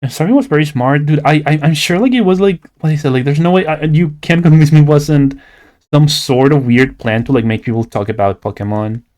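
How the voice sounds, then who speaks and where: A man's voice: fairly high pitch, fairly quick, darkish tone. Playful rambling man, Latin American Spanish accent. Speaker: streamer and artist. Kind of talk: casual livestream chat while drawing.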